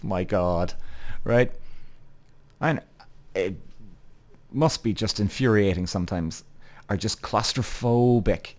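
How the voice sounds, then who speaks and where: Blunt, swearing podcast host. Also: male voice, fairly low pitch, darkish tone. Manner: blunt, swears often, addresses listeners directly. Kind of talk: casual rant.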